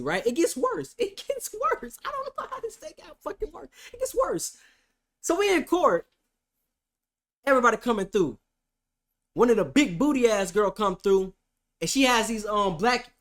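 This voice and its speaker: A man streamer with a high voice tells a comedic story about his day in court. He's animated and profane, swinging between loud outbursts and hushed asides.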